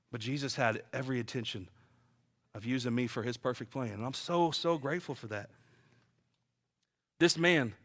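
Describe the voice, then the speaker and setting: A man's voice: a little high, a bit bright. A man preaching a sermon and sharing his own testimony, telling stories in a vivid, earnest, emphatic way.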